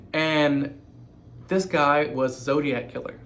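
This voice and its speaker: Male storyteller with an average-pitched voice, relaxed and halting, stopping to correct himself; slight room noise. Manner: halting, many "um" fillers and self-corrections. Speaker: true crime storyteller. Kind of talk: casual spoken retelling.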